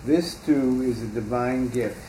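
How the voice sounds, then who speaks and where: A man reading a religious text aloud in a class, steady and measured. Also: mid-range voice. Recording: roomy echo with faint background hiss.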